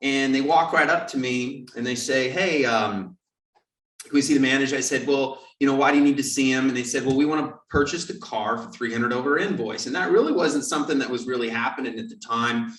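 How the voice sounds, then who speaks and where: A man hosting a podcast, telling a lively story and acting out the quoted lines. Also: medium pitch, a little fast. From California. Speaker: podcast host. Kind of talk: storytelling in casual interview. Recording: roomy, distant mic.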